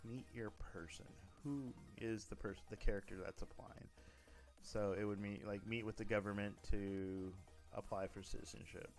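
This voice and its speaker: Low-voiced man rambling on a stream. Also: steady tone, moderate pace, faint music behind. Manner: rambling, restarts and self-corrections. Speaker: streamer running a role-play game server. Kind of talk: casual livestream talk.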